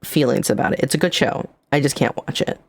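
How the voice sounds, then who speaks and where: Gravelly, laid-back woman streamer. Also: very deep voice, expressive, fairly quick, darkish tone, no echo. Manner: flirty, playful, laid-back. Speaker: streamer and game master. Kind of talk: casual chat.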